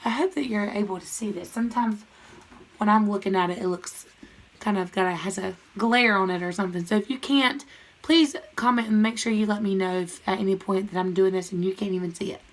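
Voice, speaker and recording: A woman's voice: mid-range voice, a little fast. A young woman teaching first graders in a recorded video lesson, drilling grammar terms in a sing-song, call-and-response way.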